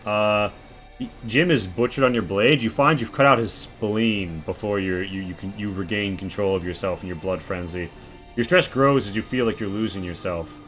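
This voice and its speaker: A man's voice: lowish voice, moderate pace, a bit bright, faint music behind. A man narrating as game master, describing scenes in vivid, crude, rambling detail.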